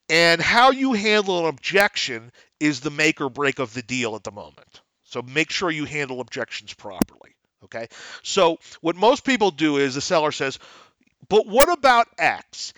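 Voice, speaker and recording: A man's voice: on the high side, moderate pace, no echo. A man hosting a podcast, teaching negotiation in a blunt, emphatic way and acting out bits of dialogue. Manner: lively, acts out dialogues in different voices. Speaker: podcast host teaching real estate investing. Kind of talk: instructional podcast talk.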